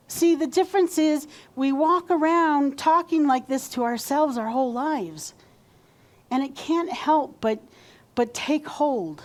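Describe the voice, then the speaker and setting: Woman minister, fairly high voice, conversational sermon delivery. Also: lively intonation, a little slow, darkish tone. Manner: conversational, acts out quoted self-talk.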